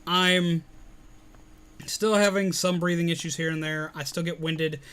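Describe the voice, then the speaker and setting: A man casually chatting on a live stream, answering viewers, rambling with fillers and quick to laugh. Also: fairly high pitch, fairly even intonation, clean tone. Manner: rambling, many fillers, laughs easily, greets viewers loudly.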